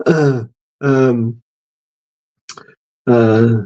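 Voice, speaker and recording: A man hosting a casual livestream, rambling with lots of ums and soft laughs. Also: medium pitch, muffled recording. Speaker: livestream host. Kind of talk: casual livestream chat reading viewer comments.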